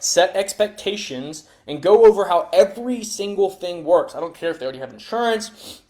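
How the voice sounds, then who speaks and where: A man coaching insurance agents in a blunt, energetic way, often checking in with "right?" and "dude". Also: a little high. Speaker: life insurance sales trainer. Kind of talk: fast sales coaching talk.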